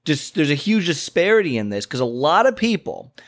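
A man who works as a fitness and health coach, talking casually to camera about why people miss their goals. He tells stories animatedly, keeps checking in with "okay?" and "you know", and jumps up in pitch when he acts out conversations. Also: fairly quick. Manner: animated storyteller, acts out clients and himself with big pitch jumps. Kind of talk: casual talking-head advice.

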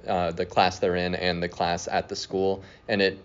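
A male teacher guesting on a school podcast, speaking in a steady, thoughtful way with some fillers. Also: sits low, moderate pace. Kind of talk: casual podcast chat. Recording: dull lo-fi sound.

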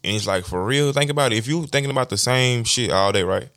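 A man's voice: medium pitch, fast, fairly bright tone, no room sound, clean studio sound. A young man, giving a casual motivational monologue as a podcast host, full of slang and repeated "you feel me".

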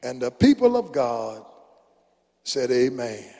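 An older man preaching a fervent sermon in a church, rising into shouts and song-like chanting. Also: medium pitch, big pitch swings, slow pace. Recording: long reverb of a large hall.

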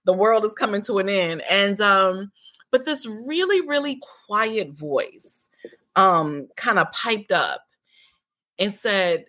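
A woman in her forties tells her own story as an interview guest, her voice bright and ringing. She talks candidly and animatedly, jumping her pitch up to act out what was said to her. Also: slow. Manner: animated, acts out past dialogue with big pitch jumps. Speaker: interview guest, healing center founder.

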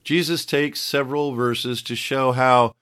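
Male teacher, mid-pitched, earnest scripted devotional reading. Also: fairly even intonation, measured pace, a bit bright, clean tone. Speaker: Bible teacher.

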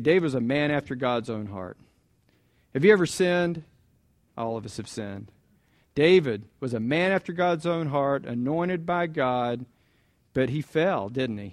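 A man preaching a sermon in a conversational way, asking the congregation questions and repeating key points. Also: medium pitch. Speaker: pastor.

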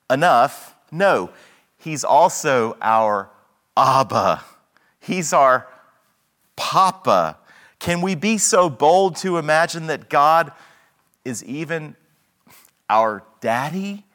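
A man's voice: on the high side, fairly bright tone. A man preaching a sermon in an earnest, teaching manner, often restarting and repeating words.

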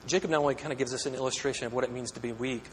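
A man's voice: mid-range voice, fairly even intonation, rapid-fire. A pastor preaching a sermon, earnest and questioning, often repeating words as he builds a point. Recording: echoey hall with long reverb, faint hum.

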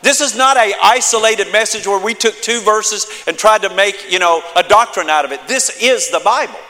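A male pastor delivering a sermon with emphatic repetition and call-and-response. His voice is high and bright, and it rings out through a hall with long reverb. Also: moderate pace.

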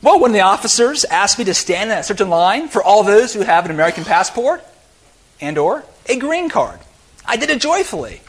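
A middle-aged man, a pastor, preaching a sermon in a church and telling a story with big swings from shouting to hushed tones. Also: high voice. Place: church sanctuary.

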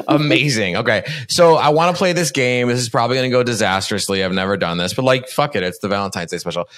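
A man's voice: medium pitch, lively intonation, fast, fairly bright tone. A man hosting a podcast in casual chat, playful, swearing freely and laughing often. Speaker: podcast host.

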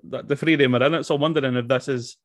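A man co-hosting a casual film review podcast, excitable and laughing a lot. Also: medium pitch, very fast, no echo, clean studio sound. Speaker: podcast co-host.

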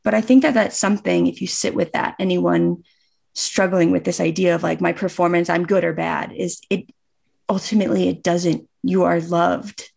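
A woman's voice: on the low side, steady tone, normal speed, gravelly, darkish tone. A woman in her thirties, a guest, earnestly telling a personal story in casual conversation and acting out remembered dialogue.

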